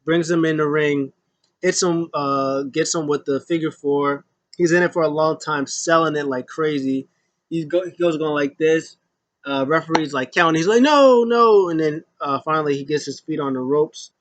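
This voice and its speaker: Dude recapping a wrestling match all hyped up, kinda high voice, dry close mic. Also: male voice, normal speed, dry recording, lo-fi sound. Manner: excitable, acts out wrestlers' lines in raised voices. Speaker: wrestling show reviewer. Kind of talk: casual play-by-play recap.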